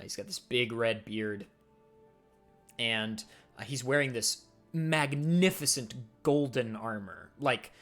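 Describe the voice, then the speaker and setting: A man's voice: medium pitch, fairly bright tone. A man narrating as game master of a tabletop game, casual and descriptive with many fillers.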